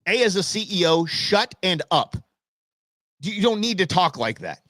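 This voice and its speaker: A man's voice: sits high, big pitch swings, normal speed, sharp tone, no room sound, studio quality. Blunt ranting male talk host. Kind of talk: opinionated live show rant.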